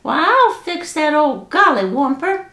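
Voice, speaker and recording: Kindly folksy groundhog, voiced by a woman storyteller, high and squeaky, roomy sound. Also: very animated, measured pace, pushed and bright, exaggerated voice. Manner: folksy, reassuring. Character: kindly helpful male groundhog. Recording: echoey room.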